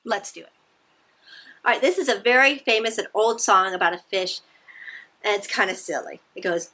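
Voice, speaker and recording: A woman reading picture books aloud to young children, animated and encouraging, often asking her listeners questions. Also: medium pitch, fairly quick. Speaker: children's storytime presenter.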